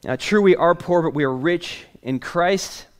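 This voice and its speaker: A male pastor preaching a sermon with a voice that sits a little high. He tells a story in a lively, playful way and chuckles along, then eases into a softer, earnest tone to make his point. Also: a little slow.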